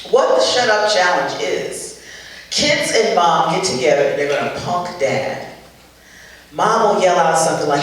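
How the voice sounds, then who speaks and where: An older woman performs stand-up comedy, her storytelling animated and exasperated, full of punchy asides. Her pitch leaps and dips constantly. She sounds far from the mic in a very echoey hall with faint ambient noise. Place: stage at a charity show with a live audience.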